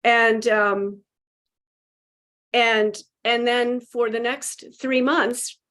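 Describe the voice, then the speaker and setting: A woman guest telling a spiritual story with animated emotion, acting out quotes and laughing. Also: a little high, drawn-out words.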